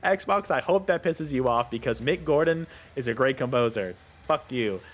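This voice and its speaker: A young man in the middle of an angry rant, swearing freely. His voice swings wildly up and down in pitch as he gets worked up. Faint music plays underneath. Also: moderate pace. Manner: heated, profane, lively swings in pitch. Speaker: gaming video creator.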